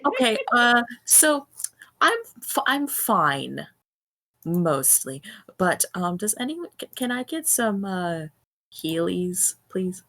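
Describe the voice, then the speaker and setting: Excitable woman player with a lively voice. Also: fairly low pitch, slow. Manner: excitable and giggly. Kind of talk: casual tabletop game play.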